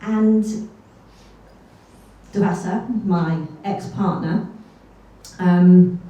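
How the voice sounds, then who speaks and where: A woman's voice: on the low side, extremely slow, warm tone, lo-fi sound. A woman telling a true story on stage at a live event, chatty and self-deprecating, with little asides. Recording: echoey hall from far off.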